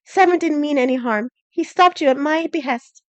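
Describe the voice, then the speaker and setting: A woman doing a high, earnest young princess. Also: brisk, no room sound, close to an everyday voice.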